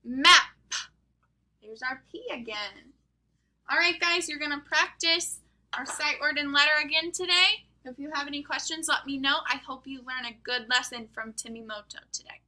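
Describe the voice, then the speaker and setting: Brief: young woman teacher, high and very bright voice, slow and clear sounding-out for early readers. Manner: slow, exaggerated sounding-out of letters and words. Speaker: kindergarten teacher. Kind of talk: recorded phonics lesson for young children.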